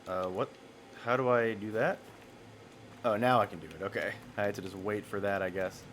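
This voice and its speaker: A man's voice: lowish voice, fairly even intonation, normal speed, fairly bright tone, a little hiss or hum. A man streaming a game and telling a long story in a casual, rambling way, with many fillers and self-corrections.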